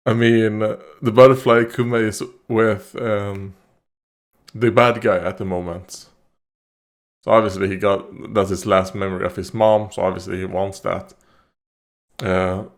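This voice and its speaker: A man hosting a reaction video, talking casually and thinking aloud, rambling with fillers and laughs. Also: medium pitch. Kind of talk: casual commentary.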